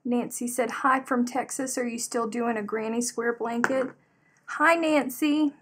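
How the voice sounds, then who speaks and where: A woman's voice: fairly high pitch, a little slow, breathy edge. Chatty woman livestreaming a craft session. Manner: animated storyteller, reads out chat comments. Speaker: livestream host. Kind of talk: casual chat while crocheting.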